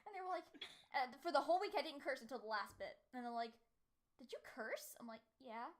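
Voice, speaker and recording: A young woman on a casual podcast, telling stories in an animated way, full of "like" fillers and squeaky quoted voices. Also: quick pace. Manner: animated storytelling with many "like" fillers, high-pitched quoted voices. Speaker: podcast co-host. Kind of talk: casual chat.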